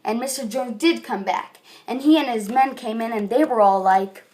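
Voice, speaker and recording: A chatty female reviewer talking through a book in a casual video, rambling with plenty of "you know"s. Her voice sits a little high. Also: normal speed, darkish tone. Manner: rambling, chatty, many fillers.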